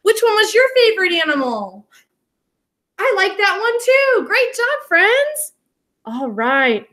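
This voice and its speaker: A woman's voice: very high voice, big pitch swings, slow pace, a bit bright. A woman teacher leading children through stretches and animal movements, upbeat and full of praise. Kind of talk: guiding kids through stretches and animal moves. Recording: echoey room with music behind.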